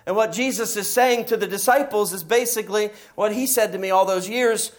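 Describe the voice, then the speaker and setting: A man's voice: high-pitched, fairly quick, few pauses. A middle-aged man preaching a sermon as pastor, telling stories and pressing his points with emphasis. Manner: storytelling, emphatic with rising passages.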